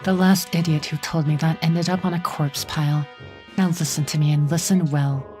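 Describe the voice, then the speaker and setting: A woman's voice: deep voice, fairly even intonation, moderate pace, warm tone, faint music behind, natural voice. A woman playing a sneering villain general. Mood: scornful. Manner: contemptuous, taunting.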